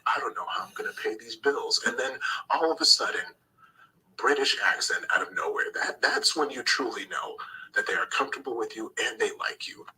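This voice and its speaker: A man's voice: fairly low pitch, bright, forceful tone, a little hiss or hum, poor audio. A man in a played clip, talking in a wry, conversational monologue.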